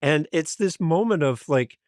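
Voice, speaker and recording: A man guesting on a podcast, an energetic and enthusiastic storyteller. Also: on the high side, unhurried, no echo, clean studio sound. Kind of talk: interview storytelling.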